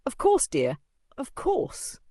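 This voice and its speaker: A man's voice: very high-pitched, huge pitch swings, slow pace, mellow, no room sound, studio quality, voice pushed up, full character voice. A man voicing a scheming stepmother who speaks in a falsely cheerful, knowing way in a narrated story. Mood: sugary, probing. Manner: sugary, knowing, probing.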